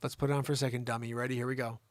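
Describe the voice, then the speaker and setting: A man hosting an improvised live comedy show, teasing a co-host in mock exasperation and lurching between loud outbursts and low mutters. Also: little pitch movement, very fast, heavy background noise.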